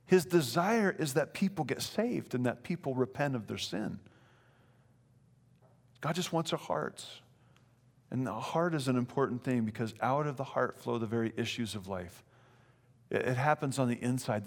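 A pastor with a mid-range voice preaches in a church sanctuary, reading scripture aloud and then expounding on it. He is earnest and emphatic, often doubling back on phrases for weight, and the big room's long reverb trails each line.

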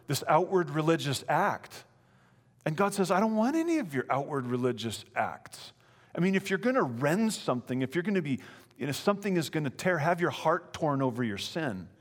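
A man's voice: on the high side, long reverb tail. A man preaching a sermon, reading scripture and then explaining it in an earnest, emphatic way that repeats phrases for weight. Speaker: pastor.

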